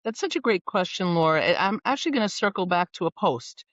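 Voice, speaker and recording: A woman executive coach talking on a podcast, animated and playful, fond of wordplay. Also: lowish voice, fast talker, dry recording, highs cut off. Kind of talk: conversational podcast interview.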